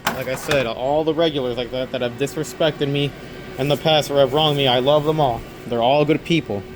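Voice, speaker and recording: A man's voice: medium pitch, steady tone, fairly quick, noisy background. Rambling young man vlogging on a night shift. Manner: rambling, repeats himself, earnest. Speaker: overnight convenience store clerk. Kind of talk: casual talking vlog.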